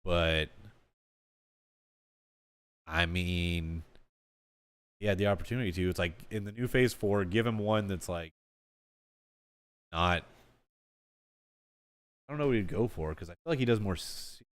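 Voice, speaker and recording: A man's voice: low-pitched, a little slow, long pauses, no echo. A young man hosting a podcast in casual chat, rambling and swearing, often laughing. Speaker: podcast host.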